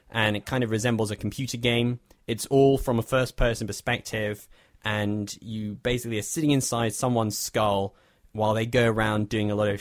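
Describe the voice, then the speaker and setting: A man chats through a film review in a wry, rambling, self-deprecating way. His voice is on the low side, recorded dry and close. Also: dry recording. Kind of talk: casual chat.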